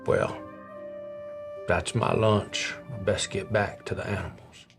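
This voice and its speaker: Folksy pipe-smoking villager, played by a man, unhurried, slow-talking. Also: low-pitched, lively intonation, gravelly, soft background music, heavily acted. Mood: friendly.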